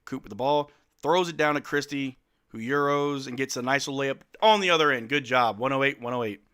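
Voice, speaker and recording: A man hosting a live game watch-along, calling the plays in casual slang and shouting at the players. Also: mid-range voice, fairly quick, smooth. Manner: animated, slangy, yells at players. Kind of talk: excited play-by-play fan commentary.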